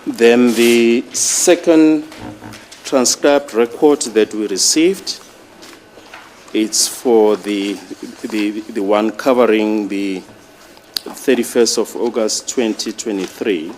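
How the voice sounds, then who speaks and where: A man addressing a judge in a courtroom, reading out exhibits in a formal, deliberate way. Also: lowish voice, darkish tone, slight background noise. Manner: slow, deliberate, reads exhibit lists. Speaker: prosecutor.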